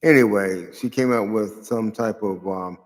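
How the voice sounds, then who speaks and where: A low-voiced man talks through a loose, rambling commentary, hunting for words and then flaring into loud, sarcastic outbursts. His voice rings in a long reverb, and faint music plays underneath. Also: measured pace. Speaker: show host. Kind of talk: casual political commentary monologue.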